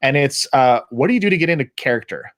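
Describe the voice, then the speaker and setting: A man's voice: mid-range voice, animated, quick pace, a bit bright. A man hosting a live video call interview, asking long, rambling questions full of fillers. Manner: rambling, hesitant, many fillers. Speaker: host.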